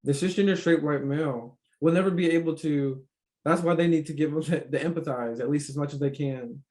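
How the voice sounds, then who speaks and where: A man's voice: a little high, fairly quick, darkish tone. A man hosting a casual conversation, talking emphatically with lots of fillers and swearing. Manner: emphatic, profane, filler-heavy. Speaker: podcast host.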